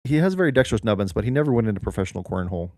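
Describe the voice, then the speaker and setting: A young man co-hosting a comedy podcast, rambling through an absurd story in a deadpan way. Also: lowish voice, very fast, no echo. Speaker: podcast co-host. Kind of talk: casual comedic chat.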